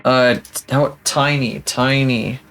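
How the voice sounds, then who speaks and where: A man's voice: medium pitch, steady tone, takes it slowly, fairly bright tone, faint music behind. A young man live-streaming, chatting casually in a rambling, profane, self-mocking way.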